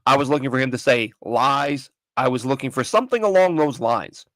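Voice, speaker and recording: Brisk and a bit bright, this medium-pitched male podcast host runs a casual sports talk show from home with his dog nearby. He's opinionated and meandering, often starting over, and the recording has no echo.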